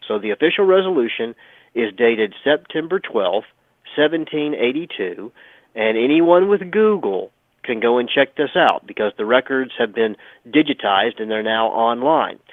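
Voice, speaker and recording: Male radio guest on a phone line, emphatic storyteller, mid-pitched, dry tinny sound. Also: dry recording. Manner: emphatic, sarcastic storytelling with repeated phrases. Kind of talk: radio talk show history explanation.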